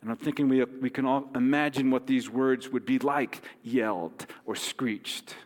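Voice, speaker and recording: A man, a pastor, giving a sermon in a gentle, conversational way with light humor. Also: mid-range voice, fairly even intonation, moderate pace. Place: church sanctuary. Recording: long hall reverb.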